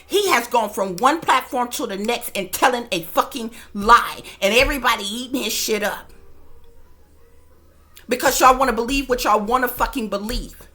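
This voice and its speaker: A woman's voice: fairly high pitch, normal speed, bright, forceful tone. A woman hosting a heated commentary vlog, talking bluntly and emphatically with plenty of profanity. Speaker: channel host.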